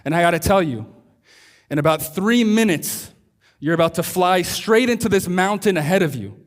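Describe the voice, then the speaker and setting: A man voicing a calm male emergency radio controller who gives steady, firm, repeated commands to guide a plane home. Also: high voice, normal speed. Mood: commanding.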